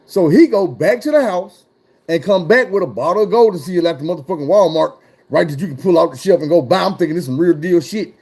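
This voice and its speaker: A man telling a profane, animated personal story in casual talk. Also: high-pitched, fast, husky. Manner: profane, animated, acts out voices.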